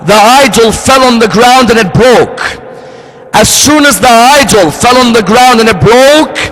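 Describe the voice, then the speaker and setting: A man preaching a sermon, telling a story with acted-out dialogue and shifting his pitch and pace freely. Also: a bit bright. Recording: long hall reverb.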